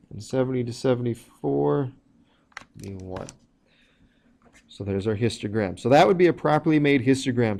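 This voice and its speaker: A man talking through a math lesson in a relaxed, mellow voice. He explains each step plainly and pauses now and then with an um. His pitch sits in an ordinary middle range. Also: gravelly. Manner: plain explanatory, walks through steps with fillers. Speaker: teacher.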